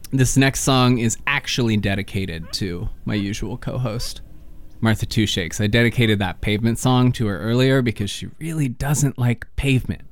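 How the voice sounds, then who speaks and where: A man in his thirties hosts a late radio music slot, talking in an easygoing, self-deprecating way between records. His voice sits at a middling pitch and comes through smooth and clear on a studio mic. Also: moderate pace. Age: 30s. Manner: laid-back, self-deprecating, stumbles on names. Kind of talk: casual radio show hosting.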